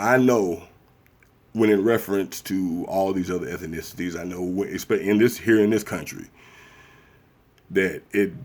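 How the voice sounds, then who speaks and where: A man, talking bluntly and profanely in a casual ranting monologue. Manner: blunt, profane, acts out others in high mocking voices. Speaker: commentary vlogger.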